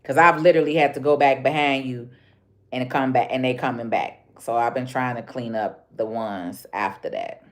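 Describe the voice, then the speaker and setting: A woman's voice: very deep voice, moderate pace. Blunt Chicago woman ranting on a livestream. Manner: blunt, repetitive, street-slang. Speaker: livestream host. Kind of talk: casual livestream rant.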